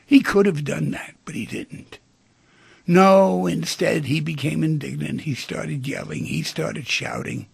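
A man hosts a call-in radio show with a heavily gravelly, rough-textured voice that has a breathy edge. His pitch swings widely as he tells stories and acts out dialogue, and the sound is close and dry. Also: unhurried, dry recording. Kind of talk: talk radio discussion.

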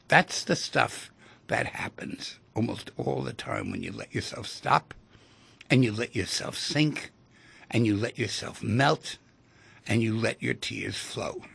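A man hosting a radio talk show, speaking reflectively and turning emphatic at times. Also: mid-range voice. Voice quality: gravelly, husky voice. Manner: reflective, swings from hushed to emphatic.

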